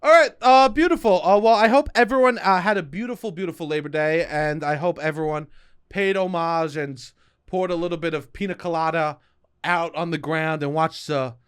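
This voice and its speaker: Comedy podcast co-host, a man with a slightly high voice, playful and animated. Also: normal speed, smooth. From Staten Island. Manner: animated, acts out bits with sound effects. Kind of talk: casual comedic chat.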